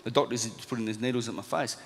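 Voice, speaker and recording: Fast-talking Australian man in a hall. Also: mid-range voice. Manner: lively storytelling, acting out quoted lines, laughing at himself. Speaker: motivational speaker, former boxer. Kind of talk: anecdote told to a live audience. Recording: reverberant hall.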